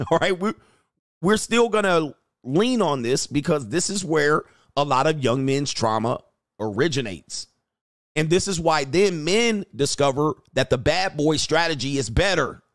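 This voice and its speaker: Profane, animated man giving dating commentary. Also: fairly high pitch, measured pace, dry recording, clean studio sound. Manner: animated, profane, acts out quoted voices. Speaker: reaction channel host and dating coach. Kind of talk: casual reaction commentary.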